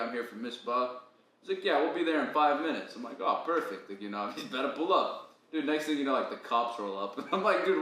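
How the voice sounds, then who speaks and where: Slangy and laughing often, this young man co-hosts a podcast, trading stories and saying "bro" constantly. He has a medium, slightly bright voice, and the room is very echoey with a faint hum of ambient noise.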